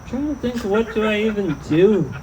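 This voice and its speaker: A man's voice: high-pitched, expressive, normal speed, noisy background. A man doing a rambling, self-deprecating stand-up set in an outdoor tent, often trailing off mid-thought. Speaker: stand-up comedian.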